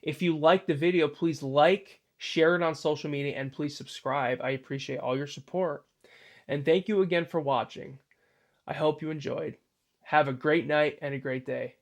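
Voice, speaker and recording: A man's voice: a little high, steady tone, normal speed. A man, host of his own channel, telling a creepy story in a loose, rambling way full of fillers and restarts. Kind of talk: casual spoken storytelling.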